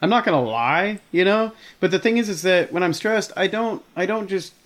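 A man's voice: sits high, animated, moderate pace, a bit bright. Profane, heated man telling a story. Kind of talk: casual chat.

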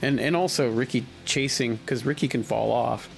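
A man's voice: medium pitch, fairly even intonation, normal speed, vocal fry. A man hosting a casual podcast chat, talking in long rambling stretches full of restarts and fillers. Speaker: podcast host.

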